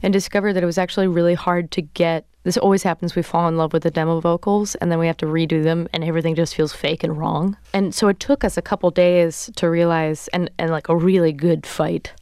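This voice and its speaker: A woman's voice: fairly low pitch, fairly quick, hardly any pauses, smooth, no echo, clean studio sound. A woman singer-songwriter talking loosely about her songs in a casual interview, in a large cathedral-like room. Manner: relaxed, loose, with fillers.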